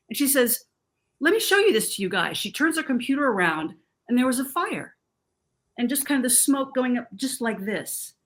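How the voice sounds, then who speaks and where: Emotional middle-aged woman on a TV panel. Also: mid-range voice. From Southern California. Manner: emotional, animated storytelling that acts out quoted voices. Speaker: panelist on a TV talk show. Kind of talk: personal account on a TV panel. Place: TV studio.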